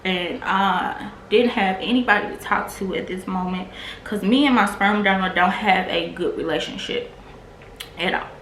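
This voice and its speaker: A woman's voice: medium pitch, normal speed, fairly bright tone. A woman vlogger candidly telling a personal testimony in a casual, filler-heavy way. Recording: echoey room with faint noise.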